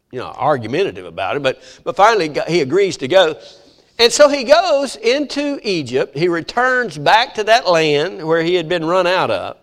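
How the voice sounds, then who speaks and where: A man preaching a sermon, retelling the story with lively acted-out voices. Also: high-pitched. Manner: animated storytelling, acting out voices of biblical figures. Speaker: pastor.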